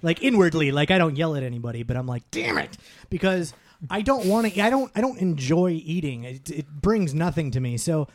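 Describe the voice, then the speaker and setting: A man's voice: on the high side, sing-song, brisk. A man chatting casually with friends on a podcast, telling rambling stories full of fillers. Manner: rambling, filler-heavy storytelling. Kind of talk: casual group chat.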